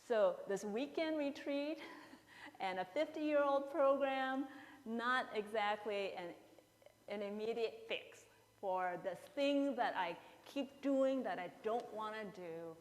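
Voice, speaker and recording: A woman in her fifties, a pastor preaching a sermon and telling a story in a lively way, acting out the people in it. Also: fairly high pitch, takes it slowly. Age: 50s. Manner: storytelling, acting out characters with playful asides. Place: church sanctuary. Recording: long church reverb.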